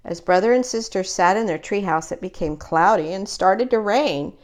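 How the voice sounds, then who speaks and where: A woman's voice: medium pitch, moderate pace. A woman reading a children's picture book aloud, voicing each character in turn. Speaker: storyteller.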